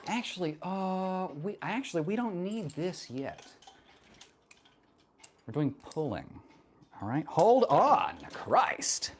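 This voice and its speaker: A woman's voice: deep voice, darkish tone, a little hiss or hum. A woman streaming a workout, chatting casually with viewers, wry and profane, teasing chat and straining between sets. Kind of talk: casual livestream chat while working out.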